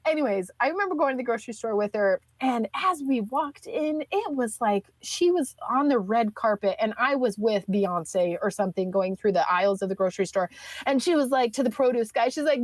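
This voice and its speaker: A woman's voice: a little high, lively intonation, a little fast, dry recording. A woman in her thirties, a podcast guest telling a personal story in a chatty way, full of fillers and restarts.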